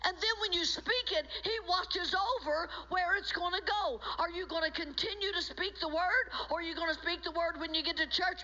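A woman pastor preaching a fervent sermon that builds to shouts and tearful cries. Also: very high-pitched, moderate pace, hardly any pauses. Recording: dull lo-fi sermon recording.

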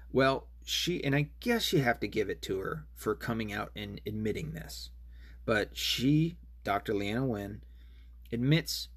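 A man with a low, husky voice rants on his own show, swearing often and rambling through fillers and false starts. His anger runs through the talk. The sound is dry and close, with no room around it. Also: no room sound. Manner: profane, rambling, angry, with many fillers and restarts. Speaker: podcast host. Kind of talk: solo political rant.

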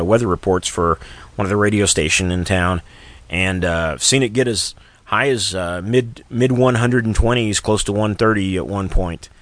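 A man's voice: on the low side, fairly bright tone, no echo. A man hosting a radio talk show, chatting casually and telling rambling jokes. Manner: rambling, joking storyteller. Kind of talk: casual on-air chat.

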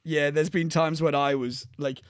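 A man's voice: fairly high pitch, moderate pace, clean tone, dry recording, clean studio sound. A man co-hosting a podcast, chatting casually and animatedly about films and cracking jokes. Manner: animated, jokey, slips into film-quote impressions. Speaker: podcast co-host. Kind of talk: casual film chat.

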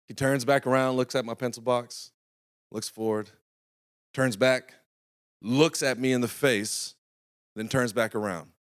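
A man's voice: medium pitch, fairly even intonation, unhurried, long pauses. A young adult man, a pastor, preaching in a conversational storytelling style and often checking in with the congregation. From North Carolina. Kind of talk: sermon storytelling.

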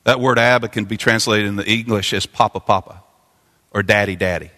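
A man's voice: on the low side, steady tone, fairly quick, bright, forceful tone. Preaching man in a reverberant sanctuary. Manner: preaching with swelling intensity, repeating phrases. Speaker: pastor. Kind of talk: sermon. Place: church sanctuary. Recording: long church reverb.

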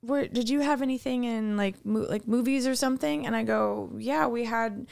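Woman podcast co-host, slightly high and gravelly, animated storyteller who does other people's voices, halting with restarts. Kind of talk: casual chat.

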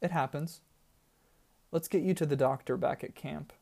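A man's voice: fairly high pitch, fairly even intonation, normal speed, vocal fry, a little mellow, slightly rough. A man reading a story, voicing a practical, matter-of-fact woman guide in a slightly raised voice. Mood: reassuring. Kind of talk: audiobook character voice.

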